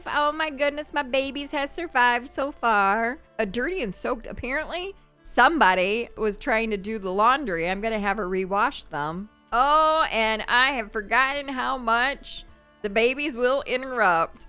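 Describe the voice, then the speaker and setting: A woman's voice: a little high, a bit bright, clear, resonant tone. A woman giving casual let's-play commentary, chatting to the game characters as she plays. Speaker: gameplay commentator.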